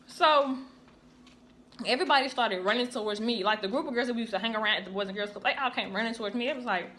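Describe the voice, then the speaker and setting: Young woman yapping thru a story time, animated, little hiss in the background. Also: fairly high pitch, fast talker. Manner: chatty, animated, acts out quoted voices. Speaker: YouTuber. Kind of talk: casual storytelling while eating.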